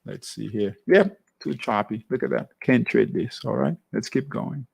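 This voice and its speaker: This trading show host has a mid-range, expressive voice that is creaky, darkish, and slightly rough, delivered at a normal speed. He runs a live class, discussing charts conversationally and often asking viewers "all right?"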